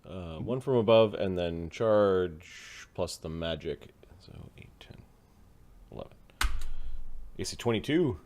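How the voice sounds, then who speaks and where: Animated male game master. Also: low voice, slight background noise. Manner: halting, full of fillers and restarts. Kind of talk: narrating a tabletop game.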